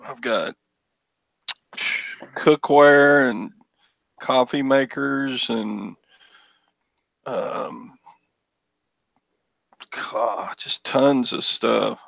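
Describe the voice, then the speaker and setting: Man, very gravelly voice, slow talker, muffled lo-fi call audio. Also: mid-range voice, fairly bright tone, dry recording. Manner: unhurried, trailing off. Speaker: reseller guest. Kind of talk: casual chat.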